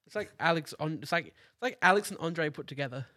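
A man co-hosting a casual film chat, quick and excitable, swearing casually. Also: fairly high pitch, no room sound, clean studio sound. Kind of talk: casual chat about films.

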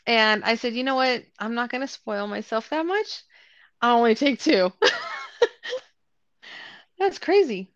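Woman co-host, chatty storyteller, mid-pitched, dull dry lo-fi sound. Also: measured pace, pauses often, no room sound. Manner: animated, acts out quotes, laughs often. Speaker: podcast co-host. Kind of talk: casual storytelling chat.

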